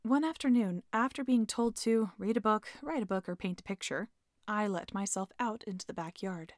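A woman telling a first-person story in a calm, measured narration. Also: mid-range voice, dry recording, clean studio sound. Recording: music bed under the voice.

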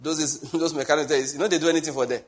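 Man, Nigerian accent, pastor preaching, joking asides, slow listed points, fairly high voice. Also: steady tone. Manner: joking, digressive, laughs often between points; slow, spelled-out teaching with lists. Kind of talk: sermon.

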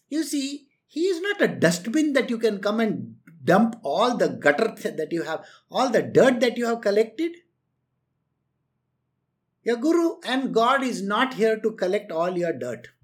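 A woman giving an earnest spiritual discourse, lecturing her listeners directly. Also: fairly high pitch. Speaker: spiritual teacher.

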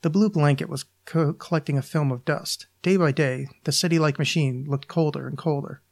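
A man reads his own short story aloud on his podcast, with slow, deliberate phrasing. His delivery is dry and deadpan, and his voice sits slightly above the usual male range. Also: a little high, gravelly.

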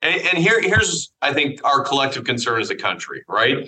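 A man's voice: mid-range voice, sing-song, bright, forceful tone, a little hiss or hum, poor audio. A middle-aged man from Iowa, a congressman speaking earnestly and firmly in a political interview. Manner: earnest, firm, measured speech. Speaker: congressman guest.

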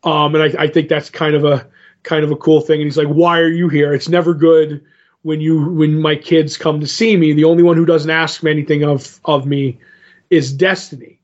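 A man's voice: fairly high pitch, little pitch movement, normal speed. A man casually recapping a comic book story on a podcast, rambling and loosely paraphrasing the characters' lines. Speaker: podcast co-host. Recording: muffled lo-fi podcast audio.

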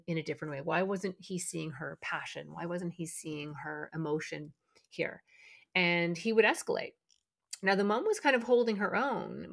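A middle-aged woman hosting a parenting podcast, talking in a calm, reflective way with frequent fillers and restarts. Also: fairly low pitch, gravelly. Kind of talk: casual podcast talk.

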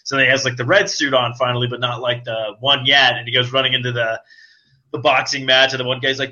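An excitable man chatting casually on a podcast, his voice very bright and sharp. He keeps breaking into high squealing impressions of scenes, and the recording sounds dull and lo-fi. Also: fast talker. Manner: excitable, acts out movie lines in a high squealing voice. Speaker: podcast co-host. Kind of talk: casual chat.

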